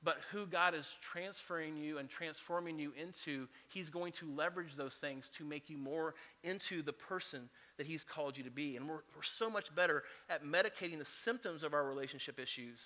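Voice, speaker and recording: Bright, high-voiced man preaching in a hall. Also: normal speed. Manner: animated storytelling, humorous. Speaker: pastor. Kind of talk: sermon. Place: church auditorium.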